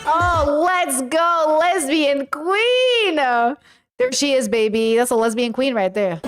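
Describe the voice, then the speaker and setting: A woman's voice: high voice, takes it slowly, soft background music. A woman streamer chatting casually with her viewers, joking and laughing often. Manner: giggly, jokey, talks to chat. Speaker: streamer reacting to videos. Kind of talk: casual livestream chat.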